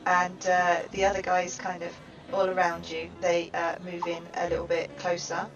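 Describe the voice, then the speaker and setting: A woman's voice: on the low side, monotone. Woman running the game, lots of uhs and ands, far off dull sound, music faint behind. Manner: halting, full of fillers and laughter. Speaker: game master. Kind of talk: narrating a tabletop game. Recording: distant dull recording with music.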